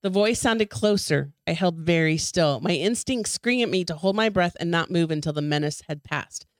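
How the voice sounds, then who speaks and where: A woman's voice: on the low side, moderate pace, no echo, clean studio sound. A woman co-hosting a podcast, reading a ghost story aloud with dramatic flair and the odd small stumble. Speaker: podcast co-host.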